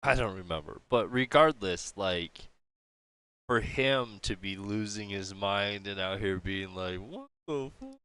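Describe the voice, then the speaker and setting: A man's voice: on the low side, steady tone, a little slow, fairly bright tone, clear, resonant tone, no echo. A man hosting a livestream, chatting casually in a rambling way with lots of fillers. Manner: rambling, filler-heavy, amused. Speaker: livestream host. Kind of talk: casual chat over a stream.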